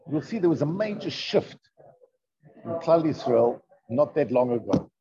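A man's voice: on the high side, mellow. A man teaching a Torah lesson, explaining in a conversational way, asking rhetorical questions and mixing in Hebrew terms. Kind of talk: classroom lesson with text reading. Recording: dull lo-fi recording.

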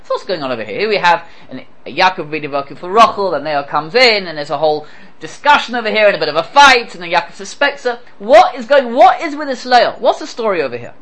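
Animated man teaching a scripture class. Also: sits high, fast talker, poor audio. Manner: animated, rhetorical questions, quotes Hebrew then translates. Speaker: Torah teacher. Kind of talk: lecture on scripture.

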